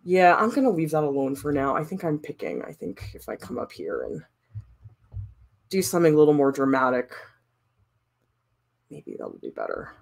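Chatty, animated woman art teacher. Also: low voice, normal speed, vocal fry, long pauses. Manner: chatty, animated, laughs often. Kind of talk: casual chat while sculpting.

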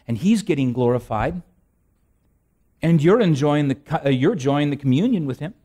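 A man's voice: fairly high pitch, animated, moderate pace, mellow. Man preaching with rhetorical questions. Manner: conversational preaching with rhetorical questions and repeated phrases; self-deprecating humor, frequent restarts. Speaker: pastor. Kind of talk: sermon.

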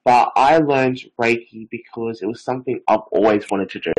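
A man's voice: medium pitch, normal speed, breathy edge, low-quality recording. A nineteen-year-old man, a psychic medium and Reiki master, telling stories in a casual, rambling interview full of filler phrases.

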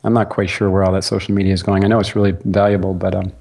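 A man's voice: deep voice, rapid-fire, gravelly. A man talking as a podcast guest, telling stories easily and laughing along. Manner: relaxed storyteller, laughs easily. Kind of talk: casual interview talk.

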